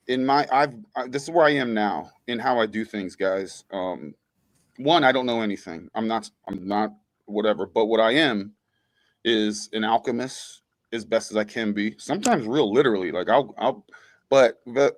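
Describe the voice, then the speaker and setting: A man from the United States speaks bluntly and casually as a podcast guest, often trailing off quietly. His voice sits at a middle pitch. The recording is close and dry. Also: dry recording.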